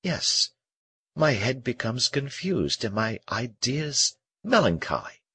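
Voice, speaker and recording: A man voicing a gentle, melancholy young male prisoner in an audiobook, speaking earnestly and softly with a husky voice. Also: medium pitch, sing-song, takes it slowly, pitched above the performer's own voice, heavily acted. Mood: wistful. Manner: earnest, wistful and soft-spoken. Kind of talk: audiobook character reading.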